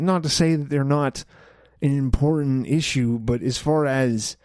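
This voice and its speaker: A man's voice: medium pitch, steady tone, measured pace, darkish tone, dry recording, clean studio sound. A young man hosting a solo podcast, rambling through his opinions with many fillers and restarts. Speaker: podcast host. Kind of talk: casual solo podcast monologue.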